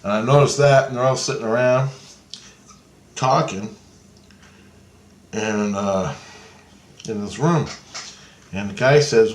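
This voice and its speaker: A man's voice: on the low side, slow, long pauses, a little hiss or hum. A man casually retelling a dream in a rambling, profane way, full of fillers and "he goes". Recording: roomy echo.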